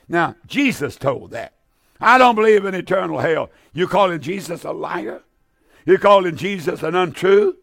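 A man's voice: high-pitched, normal speed, vocal fry, a bit bright, no room sound, clean studio sound. A man preaching a fiery sermon, addressing listeners directly, repeating phrases and restarting his sentences.

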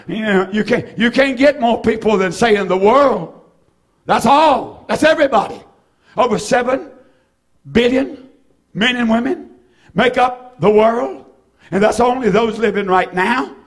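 A man preaching a sermon, with rhythmic repetition, swinging between shouted phrases and hushed ones. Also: high voice.

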